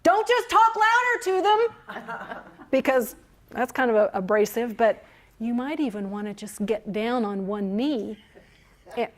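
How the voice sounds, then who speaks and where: A woman running a training session for museum tour guides, speaking in a fairly high voice. She is animated and encouraging, and she laughs easily between her points. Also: a little slow. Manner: lively, encouraging, laughs often. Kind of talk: training workshop talk.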